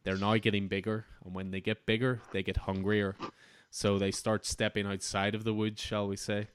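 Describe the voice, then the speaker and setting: A man's voice: lowish voice, little pitch movement, moderate pace, clear, resonant tone. A man hosting a comic book podcast, talking through an issue in an enthusiastic, rambling way with frequent restarts. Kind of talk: casual review chat.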